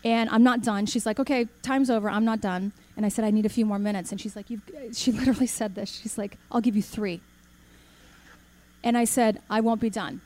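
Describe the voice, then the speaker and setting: A woman giving a talk to an audience, telling a personal story with lively acted-out dialogue and questions to the crowd. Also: medium pitch, fairly quick. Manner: animated storyteller, acts out quoted dialogue, asks the audience questions. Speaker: speaker.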